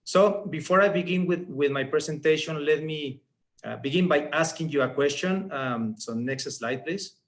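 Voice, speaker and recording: Give me a man with a fairly high voice giving an earnest business presentation. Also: normal speed. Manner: earnest, emphatic, persuasive. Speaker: regional director presenting.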